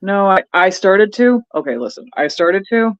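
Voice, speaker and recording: Woman veteran, profane animated storyteller, casual stream chat, dull lo-fi audio. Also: medium pitch, normal speed. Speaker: veteran co-host. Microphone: video call.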